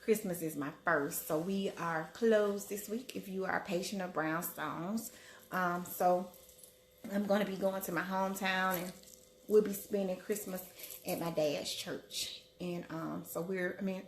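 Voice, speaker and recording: A woman, a family doctor, chatting casually on a live stream and greeting viewers by name in a lifted voice. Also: medium pitch. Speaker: family medicine physician hosting a live stream. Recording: roomy echo.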